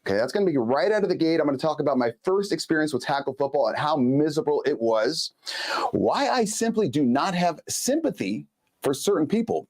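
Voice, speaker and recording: A man's voice: on the high side, big pitch swings, moderate pace. A man in his forties from Los Angeles, hosting a live show with a chatty, emphatic monologue that speaks straight to viewers. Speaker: host.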